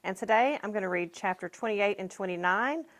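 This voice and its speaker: A woman reading a children's chapter book aloud in a lively storytelling manner. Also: mid-range voice, a little fast. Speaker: mayor reading to schoolchildren.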